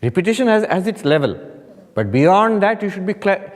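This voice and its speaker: A man's voice: sits high, sing-song, normal speed. A man, a monk, leading a meditation retreat, telling stories with humor and rising emphasis. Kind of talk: spiritual talk to an audience. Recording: hall with long reverb. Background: audience laughter.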